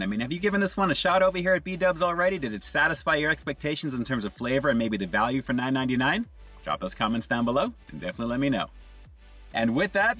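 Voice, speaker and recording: A man's voice: fairly high pitch, sharp tone, poor audio. A man hosting a casual food review, upbeat and chatty, talking to viewers between bites. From Southern California.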